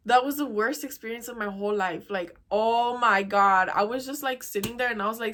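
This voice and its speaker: Young woman ranting a storytime, kinda high voice, super exasperated, dude every line. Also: brisk. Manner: animated, exasperated, says "dude" and "oh my God" a lot. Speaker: podcast host. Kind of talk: casual storytime chat.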